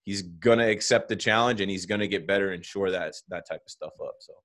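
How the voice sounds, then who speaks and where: Animated man in casual sports chat. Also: low-pitched, fast.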